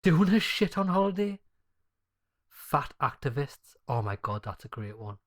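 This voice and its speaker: A man's voice: a little high, big pitch swings, measured pace. Sweary, blunt male game commentator. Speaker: gaming channel host. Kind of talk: casual gaming commentary.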